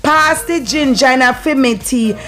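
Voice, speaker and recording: A woman's voice: high voice, normal speed, over music. A Jamaican woman vlogger teaching patois phrases, playful and repeating words for practice. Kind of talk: lively language lesson.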